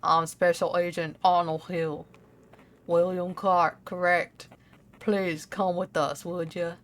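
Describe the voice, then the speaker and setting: A woman putting on the voice of a gruff male special agent with a deliberately deepened, dark country-style delivery. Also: little pitch movement. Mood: stern.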